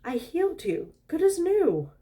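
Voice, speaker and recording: A woman's voice: very high-pitched, big pitch swings, a little slow, dark tone, distant mic, voice pushed up, heavily acted. A woman voicing a fussy, teasing male angel in a read-aloud story, with a coaxing, playful manner. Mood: pleading.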